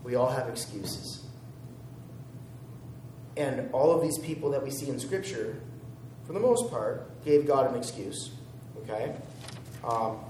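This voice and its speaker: A man's voice: mid-range voice, darkish tone, reverberant, far from the mic, a little hiss or hum, rough recording. A man preaching a sermon as a pastor, conversational, chuckling at his own jokes.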